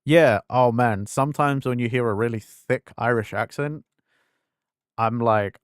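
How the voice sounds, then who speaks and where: Rambling young man, softened English accent. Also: medium pitch, unhurried, smooth, dry recording, clean studio sound. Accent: fading English, London-leaning. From England. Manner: rambling, filler-heavy, self-interrupting. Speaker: streamer. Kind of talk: casual gaming stream chat.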